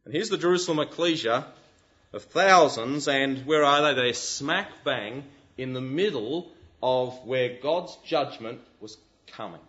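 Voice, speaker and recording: A man preaching a sermon, animated and full of rhetorical questions. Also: mid-range voice, unhurried, lo-fi sound.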